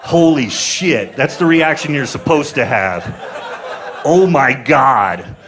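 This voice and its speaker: A man's voice: mid-range voice, expressive, slow, fairly bright tone. A man in his forties doing a stand-up comedy set, telling crude stories in a rambling, laid-back way with lots of filler words. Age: 40s.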